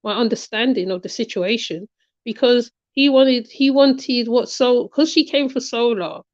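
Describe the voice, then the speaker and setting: Woman, commentary host, emphatic and repetitive, slightly high voice, dry muffled lo-fi sound. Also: a little slow, dry recording. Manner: emphatic, repeats her points, asks "right?" often. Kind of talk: casual reaction commentary.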